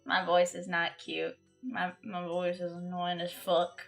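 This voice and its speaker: A woman's voice: on the low side, monotone, unhurried, vocal fry, soft background music. A woman streamer chatting casually while gaming, self-mocking and swearing freely. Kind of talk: casual game streaming chat.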